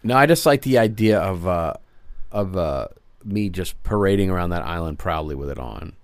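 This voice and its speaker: Man, deep voice, deadpan swearing banter, dry studio sound. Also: normal speed, no room sound. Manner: profane, wry, deadpan jokes. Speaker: podcast co-host. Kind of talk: casual movie chat.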